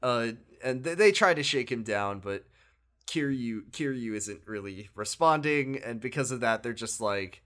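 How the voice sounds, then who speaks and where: A man's voice: mid-range voice, unhurried. A man chatting casually on a podcast, recapping a video game, laughing often and acting out the characters' lines. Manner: animated, laughs often, acts out quotes. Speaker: podcast co-host.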